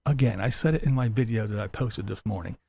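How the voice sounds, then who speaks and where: A man hosting a livestream commentary show rants fast in a lowish, creaky, husky voice with a darkish tone. He's sarcastic and mocking, swearing freely and laughing often throughout the profane rant.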